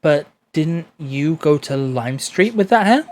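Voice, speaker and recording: A joking, sarcastic man chatting through a story game with a co-player, his pitch leaping around lively. he swears now and then and keeps things loose and casual. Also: takes it slowly, slight background noise. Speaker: streamer playing a story game. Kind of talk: casual let's-play chat.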